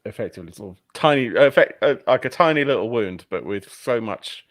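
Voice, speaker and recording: A man's voice: mid-range voice, expressive, fairly quick, no echo. A man playing a tabletop game, chattily explaining what his character is doing and feeling. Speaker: player. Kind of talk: casual tabletop play.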